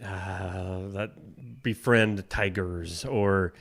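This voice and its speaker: A man's voice: low voice, fairly even intonation. A male co-host in casual banter, rambling and trailing off in his sentences. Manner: chatty, reacts with quick exclamations, trails off mid-sentence.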